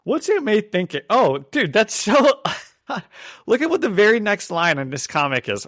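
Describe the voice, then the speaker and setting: A man's voice: high-pitched, huge pitch swings, moderate pace, gravelly, fairly bright tone, no room sound, clean studio sound. A young man co-hosting a podcast, casually and animatedly retelling a comic story and laughing often. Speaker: podcast co-host. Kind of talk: casual chat.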